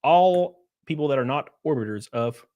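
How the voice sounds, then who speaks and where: A man with a drawl hosts a live stream, talking crude and loose and laughing at his own jokes. His voice sits a little higher than most men's. He keeps up a running banter with his chat. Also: expressive, normal speed, warm tone. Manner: crude, joking, laughs often, greets chat. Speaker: streamer host. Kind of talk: casual live-stream commentary.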